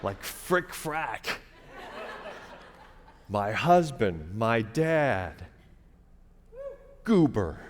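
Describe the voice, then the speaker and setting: A middle-aged man with a lowish voice tells a wry, conversational comic story on a theater stage, playing to the audience with big pitch swings, drawn-out words and long pauses. He's picked up by a stage mic, and the recording carries long theater reverb and faint hiss.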